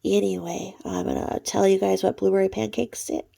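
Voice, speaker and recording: Woman vlogging to camera, real gravelly voice, rambly and chatty, goes whispery sometimes. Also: medium pitch, flat delivery, normal speed, dark tone. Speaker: channel host. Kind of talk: casual vlog commentary.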